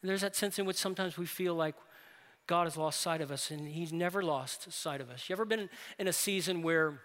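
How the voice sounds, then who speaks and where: A man preaching a sermon as pastor, earnest, often closing a point with a quick "right?". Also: on the high side, fairly bright tone, big-room sound.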